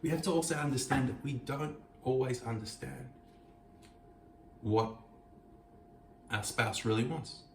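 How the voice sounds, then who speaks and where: A man with a medium-pitched voice hosts an earnest Torah teaching, reading Hebrew verses and explaining the passage at a measured pace with long pauses. The setting is a kitchen. The room is echoey, the mic is distant and there's slight background noise.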